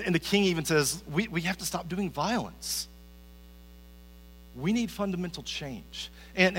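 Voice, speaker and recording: A man's voice: medium pitch, a bit bright. A man giving a conversational sermon as a pastor, often repeating his first word as he starts a sentence. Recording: reverberant hall with faint mains hum.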